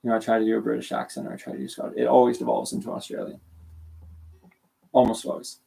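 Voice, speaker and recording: A man's voice: medium pitch, completely flat delivery, fast talker, creaky, dark tone, slightly rough. A young man from Canada, chatting casually on a livestream, rambling and self-deprecating, with a sore throat and sounding sleepy. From Calgary, Canada. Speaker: streamer.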